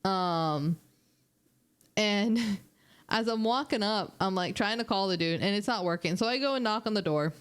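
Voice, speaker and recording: Young woman streamer yapping through funny work stories, chatty and animated, swears a lot. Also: mid-range voice, measured pace, smooth. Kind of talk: casual storytelling.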